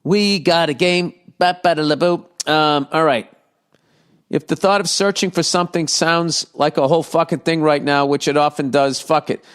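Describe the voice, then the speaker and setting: A man's voice: a little high, fairly even intonation, moderate pace, a bit bright, clear, resonant tone. A middle-aged man hosting a casual solo podcast. He reads listener letters aloud, breaks off mid-sentence and adds profane, sarcastic jokes. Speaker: podcast host.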